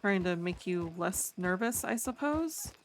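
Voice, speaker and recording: A woman voicing an easygoing city girl from the East in a frontier-era roleplay chat, agreeable and relaxed in her replies. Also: lowish voice, a little slow, slight background noise.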